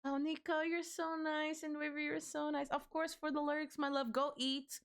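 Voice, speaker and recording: Giggly high-voiced woman streamer. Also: flat delivery, normal speed, a bit bright. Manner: giggly, bubbly and chatty, swears freely. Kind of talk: casual livestream chat with viewers.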